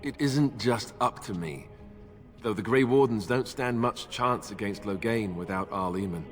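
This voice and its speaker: A man's voice: fairly low pitch, moderate pace, close to an everyday voice. An actor voicing a young male warrior companion in a video game, plain-spoken and dry. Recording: long reverb, faint music behind.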